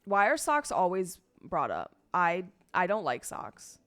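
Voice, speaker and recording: A woman's voice: lowish voice, wildly swooping pitch, unhurried, a bit bright, clean tone. A young woman streaming, chatting casually and rambling to her viewers, swearing freely along the way.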